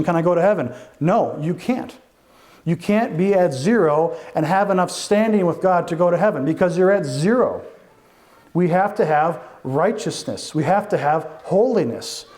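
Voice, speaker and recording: A male pastor, preaching a sermon in an animated, conversational way with frequent asides. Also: on the high side.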